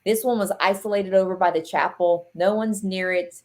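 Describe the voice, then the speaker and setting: A woman guest on a podcast, chatting casually in an excitable, blunt way and laughing often. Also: medium pitch, normal speed. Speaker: podcast guest, ghost hunter. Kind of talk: casual chat.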